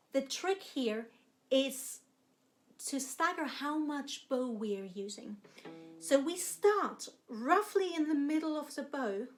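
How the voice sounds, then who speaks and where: A woman cello teacher explaining technique in a music lesson, with warm, encouraging explanations. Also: high-pitched.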